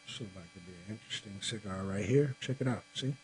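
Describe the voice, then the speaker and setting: Tired and yawning after a long day, a man hosts a live podcast from a home room with a Christmas tree, chatting casually and laid-back with viewers, speaking straight to them and saying "y'all." His voice is on the low side, fast and a little mellow, on poor audio with slight background noise.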